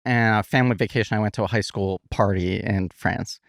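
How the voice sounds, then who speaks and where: A man from New York, a podcast guest telling animated anecdotes. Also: lowish voice, brisk, vocal fry, no echo, clean studio sound. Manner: animated storyteller, does funny voices. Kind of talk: casual chat.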